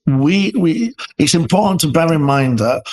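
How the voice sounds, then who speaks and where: This leadership expert co-hosting a podcast talks casually, using many fillers and restarts. His voice is a little high with a darkish tone and lively intonation, at a moderate pace, on a rough recording.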